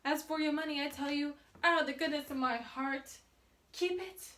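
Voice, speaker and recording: A woman reading a story aloud, voicing a crude, bossy little man in a café with a gruff, scornful manner. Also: high voice, normal speed, a bit bright, roomy sound.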